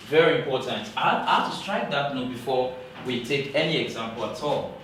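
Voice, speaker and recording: A man teaching English grammar in a classroom lecture, talking slowly and repeating key points for emphasis. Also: medium pitch, a bit bright, slight background noise. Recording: very echoey room, voice from far off.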